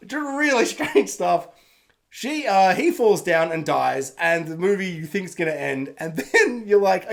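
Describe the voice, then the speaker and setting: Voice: mid-range voice, normal speed, gravelly. A film reviewer ranting through a spoiler recap, sarcastic and swearing freely. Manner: animated, sarcastic, swears freely, laughs often.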